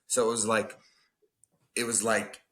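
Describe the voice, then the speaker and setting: A man's voice: fairly low pitch, monotone, measured pace, bright, forceful tone. A man from Arizona, a gym owner telling stories on a podcast in a blunt, profane, casual way. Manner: blunt, heavy swearing. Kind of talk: casual storytelling.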